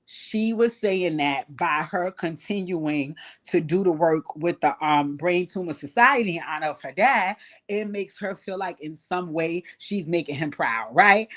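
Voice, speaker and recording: A woman's voice: on the low side, a bit bright. Blunt, profane woman recapping reality TV. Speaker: host. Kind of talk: casual reality TV recap on a livestream.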